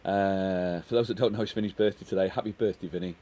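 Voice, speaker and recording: A middle-aged man with a deep, mellow voice talks fast but in a steady tone as he hosts a live stream outdoors on his terrace. He chats casually, reading out viewer comments and answering them, with the microphone set down on a table.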